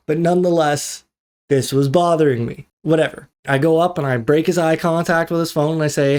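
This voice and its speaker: A man's voice: fairly high pitch, normal speed, darkish tone. A man hosting his own tech podcast, talking casually and ranting through a story with quoted asides. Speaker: podcast host. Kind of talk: casual solo podcast monologue.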